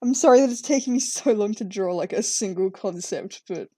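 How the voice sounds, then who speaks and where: In a dry recording, a young woman with a mid-range, dark-toned voice talks fairly quickly. She's drawing fan art on stream, chatting casually while she rambles, giggles, and speaks to her cats.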